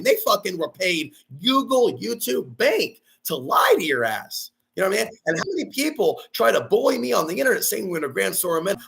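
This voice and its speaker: A ranting male vlogger with a slightly high voice. He talks aggressively and profanely, hammers on repeated phrases, and often bursts into shouting. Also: sing-song, brisk, vocal fry, hardly any pauses. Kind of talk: ranting monologue.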